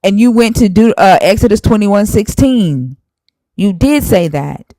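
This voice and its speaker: A woman's voice: medium pitch, animated, a little slow, dark tone, no room sound, poor audio. A woman hosting a live stream, arguing heatedly and scolding a viewer while citing scripture verses. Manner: emphatic, scolding, cites scripture.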